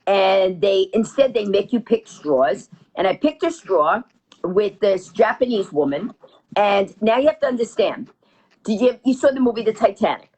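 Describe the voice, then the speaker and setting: A woman telling a comic story as an interview guest, fast and lively with punchy delivery. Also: medium pitch, breathy edge. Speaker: guest comedian.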